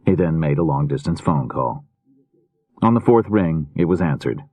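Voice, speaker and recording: A man reading a mystery novel aloud in a measured, steady narration. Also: very deep voice, breathy edge, dry recording. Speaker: audiobook narrator. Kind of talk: scripted narration.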